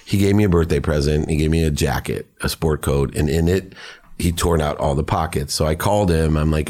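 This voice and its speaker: A man's voice: a bass voice, a little fast, warm tone. A middle-aged man, a podcast guest, telling personal stories in an earnest, emotional way. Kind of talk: personal storytelling.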